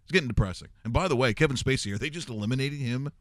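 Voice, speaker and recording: A middle-aged man hosting a live-streamed talk show, riffing in animated comedic banter and slipping into mocking impressions, speaking into a studio microphone. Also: medium pitch, rapid-fire, dry recording. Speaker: radio show host.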